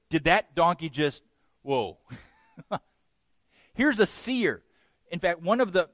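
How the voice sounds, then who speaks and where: A man preaching a sermon, animated, acting out quotes with big jumps in voice and laughing along. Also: medium pitch, no room sound, studio quality. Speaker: pastor.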